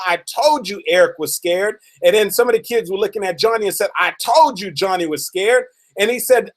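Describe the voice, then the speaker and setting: A man giving a motivational talk, retelling a story through quoted dialogue and often saying "man". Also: high voice. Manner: builds the story slowly, then quickens for dramatic moments. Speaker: motivational speaker.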